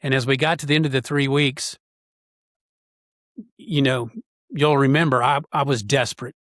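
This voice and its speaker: A man of medium pitch tells a painful personal story as a podcast guest. He speaks earnestly and haltingly, filling the gaps with pauses and fillers. The recording is dry and close. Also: fairly even intonation, a bit bright, dry recording.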